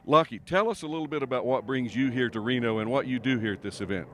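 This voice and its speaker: Outdoors at an air race, a man hosting an aviation show conducts a casual, jokey interview in a folksy manner, full of fillers. His mid-range voice is fast and a bit bright, with faint outdoor noise in the background.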